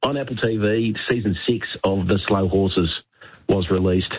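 A man's voice: low-pitched, moderate pace, husky. A man, a regular radio guest chatting keenly, repeating words and calling people "mate". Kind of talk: casual radio chat recommending TV shows. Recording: dull lo-fi radio line.

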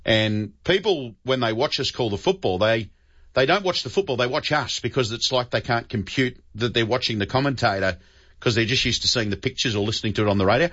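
A man's voice: medium pitch, lively intonation, brisk, fairly bright tone, highs cut off. An Australian man hosting talkback radio, chatty and friendly, calling callers mate. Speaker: radio host.

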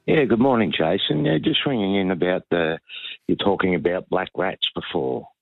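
A man's voice: sits low, normal speed, gravelly, dry recording. A man with an Australian accent calling in to a radio show, laid-back and casual. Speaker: caller. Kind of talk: phone-in chat. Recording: tinny phone line.

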